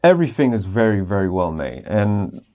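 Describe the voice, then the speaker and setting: A man's voice: fairly low pitch, very animated, moderate pace, mellow. A tired man rambling casually at home late at night while he tests a small clip-on wireless mic. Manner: rambling, self-interrupting, sometimes whispering. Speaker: vlogger testing a microphone.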